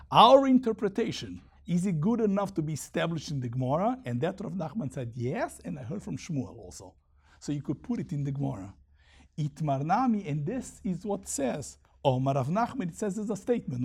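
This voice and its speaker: A man leads a Talmud lesson, reading Aramaic lines and then unpacking them in English. His voice sits a little high and has a husky edge. He talks with an animated swing, climbing and dropping in pitch as he makes his points. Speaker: Talmud teacher.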